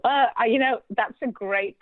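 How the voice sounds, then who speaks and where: A woman, a psychologist guest, answering interview questions in an articulate, quick and good-humoured way over a remote call. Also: fairly high pitch, no room sound. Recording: tinny phone-line call.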